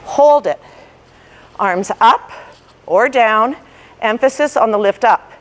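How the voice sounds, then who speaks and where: A woman's voice: on the high side, lively intonation, slow. A woman fitness instructor guiding a ball workout, cueing form and counting reps while she exercises along, a little out of breath.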